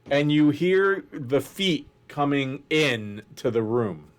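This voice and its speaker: Slow, deliberate game master man. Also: a little high, lively intonation, clear, resonant tone. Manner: deliberate, descriptive. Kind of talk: narrating a tabletop game.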